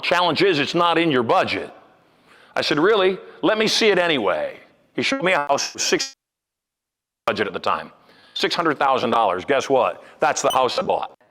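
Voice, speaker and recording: A large event room with a live audience hosts an older hypnotist and motivational speaker giving a seminar. He speaks with animated punch, dropping from loud emphasis into low asides.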